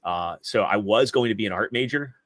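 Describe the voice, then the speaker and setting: Low-voiced rambling male podcast guest. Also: fairly quick, fairly bright tone, dry recording. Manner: rambling storyteller with frequent restarts. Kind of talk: casual interview chat.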